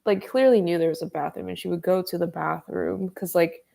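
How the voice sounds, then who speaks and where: Young streamer girl, kinda low voice with lots of fry, says like constantly. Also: steady tone, a little fast, warm tone. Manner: chatty, filler-heavy, laughs often. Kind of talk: casual storytelling chat.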